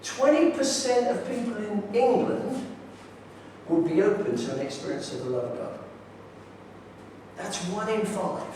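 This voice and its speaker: In a large echoey hall, recorded from far off, a man gives a preaching-style conference talk, telling stories about his neighbours in an enthusiastic, direct way. His high voice has lively intonation and a dark tone, he speaks a little slowly with long pauses, and there's a slight hiss or hum.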